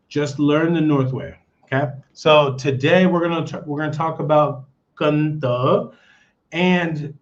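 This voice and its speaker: A man with an American accent hosting a casual livestream, rambling and checking in with his viewers with "okay?" and "all right?". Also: a little high. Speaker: livestream host. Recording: dull lo-fi stream audio.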